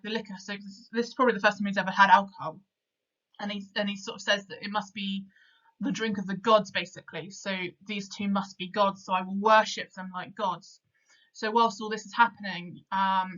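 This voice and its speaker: A woman teacher talks through a lesson, hesitant and full of fillers. Her voice sits at a middling pitch. The recording sounds dull and lo-fi. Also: sharp tone. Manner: hesitant, many fillers like "sort of" and "um".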